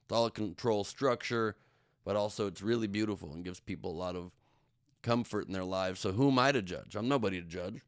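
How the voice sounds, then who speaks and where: A middle-aged man hosts his own comedy news podcast in a slightly low, smooth, resonant voice. He rambles from joke to joke, tossing in self-mocking asides. The sound is close and dry. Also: brisk, no room sound. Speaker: podcast host.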